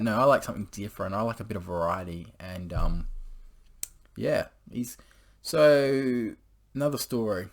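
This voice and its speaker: A young man with a fairly low voice telling a personal story to camera. He rambles in a crude, offhand way, swearing freely and scattering filler words through every sentence. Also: normal speed. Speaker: vlogger. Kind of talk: casual storytelling monologue.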